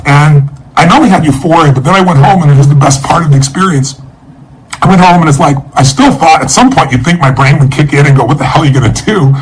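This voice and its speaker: A man's voice: a little high, fast talker, husky, poor audio. Emotive man telling a personal story. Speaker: motivational speaker. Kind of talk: personal story and charity appeal.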